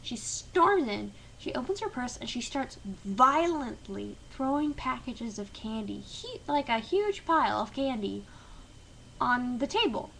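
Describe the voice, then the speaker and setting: A woman's voice: a little high, big pitch swings, a little slow, creaky, a bit bright, a little hiss or hum, poor audio. A woman teacher telling a story to camera in a blunt, sarcastic, chatty way. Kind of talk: casual storytelling vlog.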